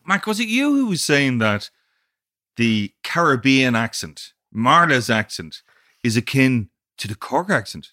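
A man hosting a podcast in casual chat, with lively backchannels. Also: mid-range voice, dry recording, studio quality. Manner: lively, quick backchannels and laughs. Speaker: podcast host.

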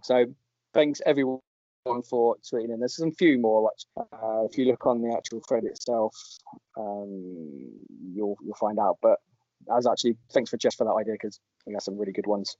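Giggly podcast host, mellow and a touch high, on dry lo-fi audio. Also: male voice, normal speed, no echo. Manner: laughing, chatty, reading out listener tweets. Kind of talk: casual chat.

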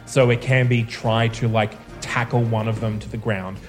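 A man running a tabletop game, narrating slowly with halting pauses and fillers. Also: fairly low pitch, fairly even intonation, soft background music. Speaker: game master.

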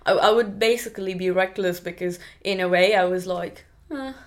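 A woman's voice: lowish voice, fairly even intonation, a little fast. A young woman from India with an Indian accent, a podcast guest telling her story casually, with many restarts and fillers.

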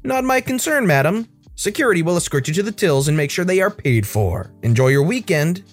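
A man's voice: a little high, sing-song, moderate pace, darkish tone, soft background music. A man doing a stern, politely formal bakery manager. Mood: chirpy.

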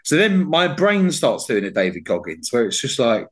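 A man with a lively, swooping voice tells a story in a relaxed podcast chat. He swears freely and keeps breaking into laughter, and his pitch rises and falls a lot while he talks. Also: normal speed. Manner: sweary, animated, laughs while telling stories. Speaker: podcast host.

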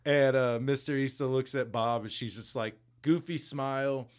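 A man's voice: medium pitch, steady tone, moderate pace, clear, resonant tone. A man co-hosting a podcast, casually recapping a comic book in a rambling, profane way, with laughs along the way. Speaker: podcast co-host.

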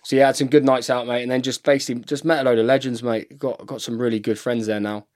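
A man's voice: mid-range voice, little pitch movement, fast, darkish tone. Chatty man telling travel stories. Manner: chatty storyteller, says "mate" constantly. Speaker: podcast guest, professional rugby player. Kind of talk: casual chat.

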